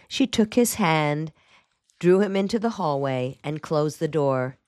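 A woman reading a novel aloud in a measured, even storytelling manner. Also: low voice, no room sound, studio quality. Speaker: audiobook narrator. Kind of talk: scripted narration.

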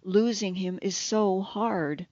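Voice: mid-range voice, slow, a little mellow, no room sound, voice pushed up, lightly acted. An audiobook narrator reading the lines of an insistent, emotional grieving sister. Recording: slightly dull, dry lo-fi recording.

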